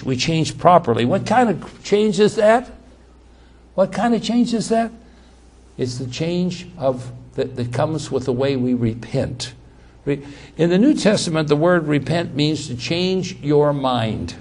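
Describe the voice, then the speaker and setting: A man preaching a sermon. He repeats key words for emphasis, restarts his sentences, and swings between loud emphatic passages and quiet asides. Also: fairly high pitch.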